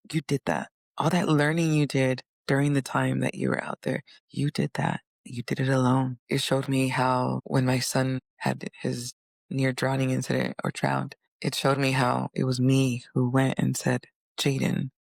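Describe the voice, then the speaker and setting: A woman tells her own story in an earnest, animated monologue, her voice gravelly with a bit of fry. She speaks close to the mic in a dry space. Now and then she acts out inner voices and conversations in a higher pitch. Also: no room sound. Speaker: vlogger.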